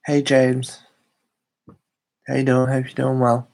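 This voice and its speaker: A man's voice: medium pitch, monotone, slow pace, gravelly, darkish tone. A young Australian man chatting casually on a live stream, rambling and hesitant with many fillers.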